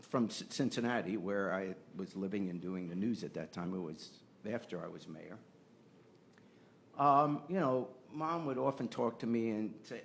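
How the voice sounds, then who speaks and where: A man's voice: on the low side, animated, normal speed, gravelly, a little hiss or hum. An older man, a podcast host, telling a personal family story and growing impassioned as he argues his point. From United States. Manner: earnest, rising to impassioned.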